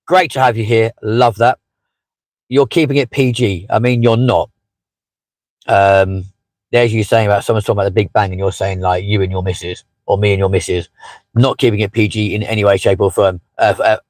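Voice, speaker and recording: A man's voice: mid-range voice, dry recording, poor audio. A man hosting a casual live stream from inside a parked car, chatting with many fillers and asides as he reads out viewer comments. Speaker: livestream host.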